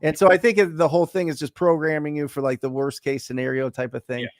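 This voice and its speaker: A man's voice: fairly high pitch, little pitch movement, quick pace, no echo, clean studio sound. A man hosting a casual business talk, speaking emphatically and repeating phrases for stress. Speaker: podcast host.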